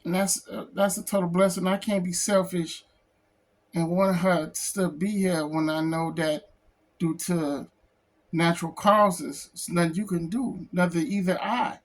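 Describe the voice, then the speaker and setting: A man who is a comic book artist, talking in an emotional personal vlog, close to tears, halting and repeating himself. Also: high voice, fairly even intonation. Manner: halting, repeats phrases, says "man" a lot. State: tearful, close to crying.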